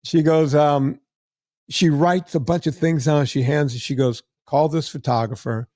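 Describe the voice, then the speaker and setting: A middle-aged man hosting a podcast, telling a lively story and acting out the other people's lines. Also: on the high side, measured pace, dry recording, clean studio sound. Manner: animated storyteller acting out quoted voices. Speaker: podcast host. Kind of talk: casual storytelling chat.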